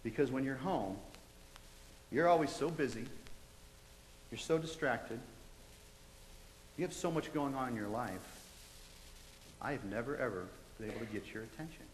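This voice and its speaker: A man voicing a gentle, loving divine voice that speaks softly and low in his story. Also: very animated, fast, pauses often, reverberant, big-room sound, slight background noise, close to an everyday voice, rough recording. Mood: tender. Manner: soft, low and hushed.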